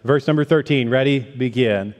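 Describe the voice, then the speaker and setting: A man's voice: mid-range voice, normal speed. A man from the northern United States giving a folksy sermon as guest preacher, with many fillers and restarts. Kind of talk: sermon with a joke. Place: church sanctuary. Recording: long church reverb.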